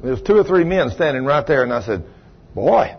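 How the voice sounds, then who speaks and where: Pastor, man, husky higher voice, storytelling sermon with big swings in loudness, muffled sound. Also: lively intonation, normal speed. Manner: swings from low quiet telling to loud raised retelling. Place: church sanctuary.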